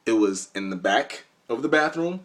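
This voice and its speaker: A young man tells a far-fetched story to his viewers with a wildly swinging, expressive voice. His manner is playful and conspiratorial, as if letting them in on a secret. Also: mid-range voice, normal speed, a little hiss or hum. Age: young adult. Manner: animated, jokey, conspiratorial. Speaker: vlogger. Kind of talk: comedic storytelling vlog.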